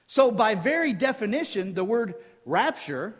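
Male preacher, high-pitched, lively teaching delivery with rhetorical questions, church hall echo. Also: a little slow. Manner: lively teaching tone, quizzes the listeners with rhetorical questions, jokes in between. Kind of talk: sermon. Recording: long hall reverb.

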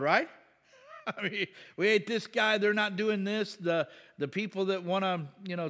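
A man preaching a conversational sermon, asking the congregation questions and breaking into loud, emphatic bursts. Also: a little high. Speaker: pastor.

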